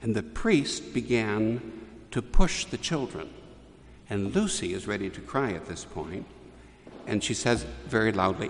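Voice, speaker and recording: Male priest, low voice, long church reverb, measured storytelling homily. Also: lively intonation.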